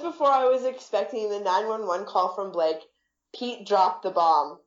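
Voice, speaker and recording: A woman's voice: mid-range voice, moderate pace, echoey room, highs cut off. A woman author reading her own first-person novel aloud in a wry, lightly comic way.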